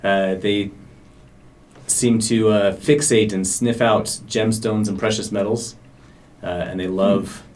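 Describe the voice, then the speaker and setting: A man's voice: on the low side, steady tone, takes it slowly, a little mellow. A man narrating as game master of a tabletop game in a game store, hesitant and full of ums and uhs.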